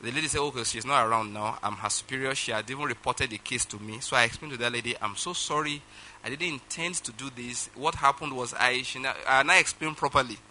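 Animated pastor preaching. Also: male voice, mid-range voice, fast, hardly any pauses, a little hiss or hum, poor audio. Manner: animated storytelling, acts out phone calls, laughs often. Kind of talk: sermon with personal story.

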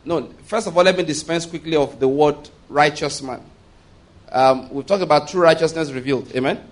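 Emphatic preacher, fairly high voice. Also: male voice, normal speed. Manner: emphatic, calls for congregation responses. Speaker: pastor. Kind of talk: sermon. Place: church.

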